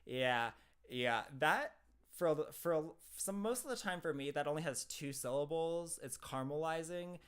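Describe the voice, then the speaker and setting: A man's voice: fairly high pitch, lively intonation, measured pace, a bit bright, clear, resonant tone. A man with a Midwestern American accent from southern Ohio, chatting casually on a live stream, rambling and laughing often as he answers viewers. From southern Ohio, USA.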